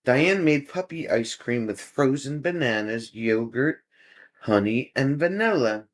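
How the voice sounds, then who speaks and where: A man's voice: medium pitch, expressive, unhurried. A man hosting a casual livestream, chatting easygoing with viewers, reading their comments aloud and chuckling often. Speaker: livestream host. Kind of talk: casual chat with live viewers.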